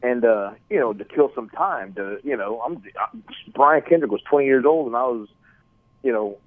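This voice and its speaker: A middle-aged man with a Texan accent, a wrestling promoter telling animated stories in a phone interview, repeating words as he goes. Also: medium pitch, moderate pace, dry recording. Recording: tinny dry phone line.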